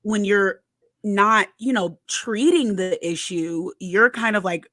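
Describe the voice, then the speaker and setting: A woman's voice: medium pitch, takes it slowly, a bit bright, no room sound. A young woman co-hosting a podcast, talking earnestly and reflectively, laughing often. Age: young adult. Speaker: podcast co-host. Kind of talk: casual candid chat.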